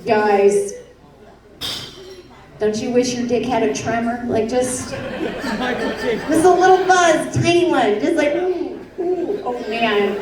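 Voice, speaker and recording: Brash high-voiced woman doing stand-up. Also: takes it slowly, pauses often. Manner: brash, self-mocking, punchy delivery. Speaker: stand-up comedian. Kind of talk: stand-up set. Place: comedy club stage before an audience. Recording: roomy club sound, heard from afar, loud crowd. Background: audience laughter.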